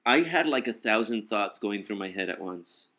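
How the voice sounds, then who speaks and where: A young man in casual talk, telling a story. He is animated, acts out quotes and swears freely. His voice sounds bright and tense. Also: lowish voice, normal speed.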